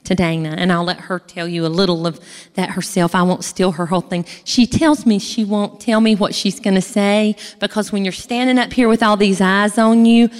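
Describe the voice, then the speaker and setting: A woman shares her church testimony on stage in a big hall where the sound rings with long reverb. Her mid-range voice keeps a fairly even intonation at a normal speed, and her manner is homey and conversational as she talks right to the crowd.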